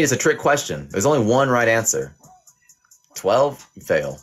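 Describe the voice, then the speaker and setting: A young livestream host pretends to be a teacher, reading viewers' chat and giving them teasing, profane pass or fail verdicts. His mid-range voice is very animated yet a little slow and slightly rough, with soft background music.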